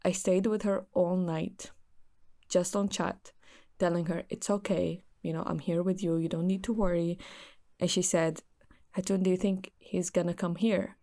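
A woman's voice: on the low side, fairly even intonation, moderate pace, warm tone. A young woman earnestly recounting a friend's story in casual chat.

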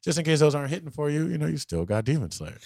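A man co-hosting a casual anime podcast, talking loosely with slang and swearing, acting out quick quotes from the shows. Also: a little high, very animated, vocal fry, darkish tone, dry recording, studio quality. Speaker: podcast co-host.

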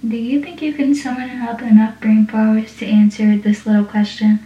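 A woman's voice: fairly high pitch, level tone, normal speed, mellow, natural voice. A woman reading the lines of a teasing, wry teenage girl from a show. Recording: echoey room, distant dull mic.

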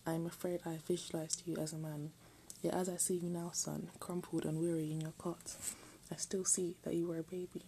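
A woman reading a text aloud in a soft, often half-whispered voice, breaking off for self-mocking jokes. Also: fairly low pitch, level tone, fairly quick, gravelly, slight background noise, poor audio. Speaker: reader.

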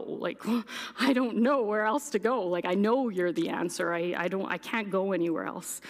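A young adult woman giving a candid personal testimony as a guest speaker, acting out her past words with animation. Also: medium pitch. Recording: echoey hall reverb.

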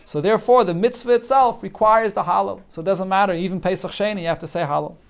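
A man's voice: sits high, fast, gravelly. Man teaching Talmud, phrase by phrase. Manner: reads a phrase, then explains it in English, with frequent restarts. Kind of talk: Talmud lesson, translating Hebrew and Aramaic phrase by phrase.

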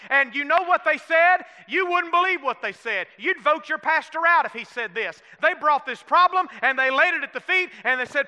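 A man's voice: very high-pitched, lively intonation, normal speed, hardly any pauses, bright, forceful tone. A man with a Southern US accent preaching a sermon in a folksy way, calling for amens and asking the congregation questions. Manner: folksy, calls for amens, asks the room questions. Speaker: pastor. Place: church sanctuary. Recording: long hall reverb.

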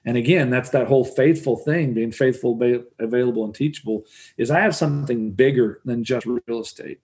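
A middle-aged man talking earnestly in an interview, often repeating words as he starts a thought. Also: medium pitch. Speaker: real estate investor guest. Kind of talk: conversational interview answer.

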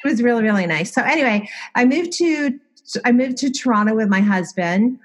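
A woman's voice: a little high, fairly quick. Candid, self-mocking middle-aged woman. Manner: candid, self-deprecating, lively storyteller. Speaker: guest, designer and former TV host. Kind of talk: casual storytelling interview.

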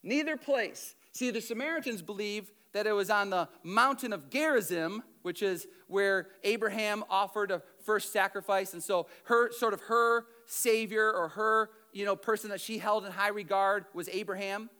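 A man preaching a sermon in a conversational, animated storytelling way with casual asides. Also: high-pitched, normal speed, hardly any pauses, clear, resonant tone.

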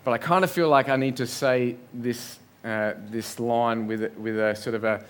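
A man's voice: mid-range voice, steady tone, normal speed. A man preaching a sermon in a church, earnest, building up lists and rhetorical questions. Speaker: pastor.

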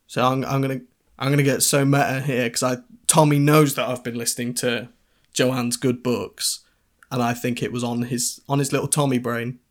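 A man's voice: mid-range voice, level tone, moderate pace. A man co-hosting a casual comedy podcast, teasing the others in a mock-pompous way and laughing often. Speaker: podcast co-host.

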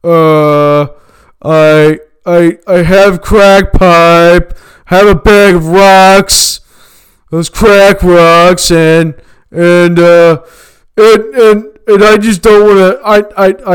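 A man's voice: sits high, steady tone, drawn-out words, smooth, pitched above the performer's own voice, rough recording. A man voicing a frantic, jittery male crackhead coworker who stammers and panics.

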